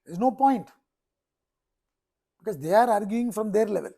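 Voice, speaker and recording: A man's voice: high-pitched, expressive, moderate pace, gravelly, mellow. A man, a spiritual teacher explaining scripture and telling stories, often checking in with his listeners.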